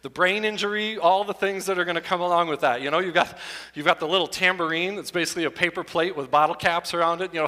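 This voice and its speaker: A man in his fifties doing stand-up comedy in a church hall, animated and jokey, often breaking into silly voices. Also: sits high, fast talker. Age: 50s. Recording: echoey hall.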